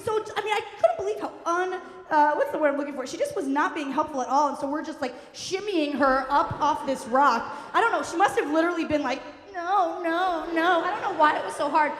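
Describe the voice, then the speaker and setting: A woman telling a comic personal story on stage, fast, wry and profane, recorded in a live venue hall. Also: high-pitched, animated, a bit bright. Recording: echoey hall, faint room noise.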